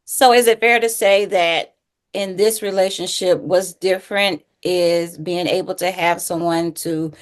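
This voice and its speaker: A woman hosting an interview as a life coach, her voice on the lower side, asking questions gently and steadily. She comes across as measured and attentive. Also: steady tone.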